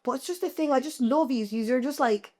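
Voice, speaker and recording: A woman's voice: sits high, a little fast, darkish tone. A woman with a Dublin accent hosting a podcast, chatting casually and animatedly with lots of "like". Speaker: podcast host. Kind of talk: casual chat.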